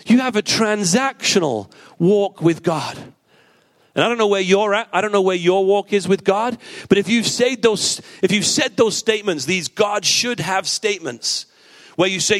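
A man's voice: high-pitched, moderate pace. A male pastor giving a sermon in a conversational, storytelling way, asking the congregation rhetorical questions and repeating his points for emphasis.

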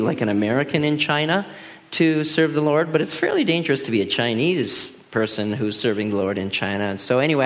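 A man in his thirties, a pastor telling personal stories in a lively, animated sermon full of restarts. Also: mid-range voice. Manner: animated, laughing storyteller with many restarts. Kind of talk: storytelling sermon.

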